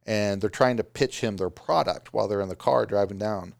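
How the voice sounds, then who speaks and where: Small-business owner, male, gravelly, casual motivational talk, dry sound. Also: lowish voice, a little fast, no room sound. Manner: animated, does mocking voices of excuses. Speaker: business owner giving advice.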